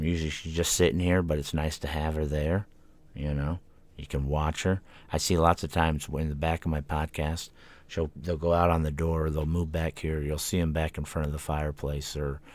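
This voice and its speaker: A man's voice: a bass voice, darkish tone. A man hosting his own podcast at home, talking casually and thinking aloud, sometimes chatting to his cat. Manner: rambling, self-reflective, talks to his cat. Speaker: podcast host. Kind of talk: casual solo podcast talk. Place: home room. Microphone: desk microphone.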